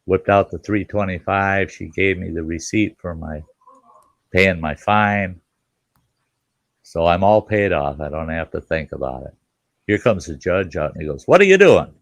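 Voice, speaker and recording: Older male chat host, deep and gravelly, folksy and blunt, swears casually. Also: a little slow, no echo.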